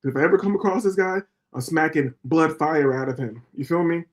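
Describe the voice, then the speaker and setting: A man on a livestream, talking in a heated, profane rant. His voice sits a little high for a man, and he keeps circling back to rhetorical questions as he works himself up. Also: a little fast. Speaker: livestream host.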